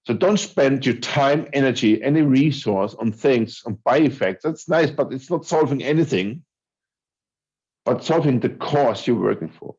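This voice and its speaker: A man with a mid-range, darkish voice gives an online conference talk at a normal speed. He sounds conversational but hesitant, restarting with fillers, and the recording is dull and lo-fi.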